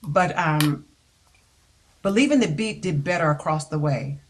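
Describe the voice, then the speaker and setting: A woman's voice: deep voice, unhurried, a little hiss or hum. An older woman from the United States, a singer and author, chatting as an interview guest, telling stories with laughs and hesitant fillers. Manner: animated storyteller, laughs often, hesitant fillers. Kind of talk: casual interview chat.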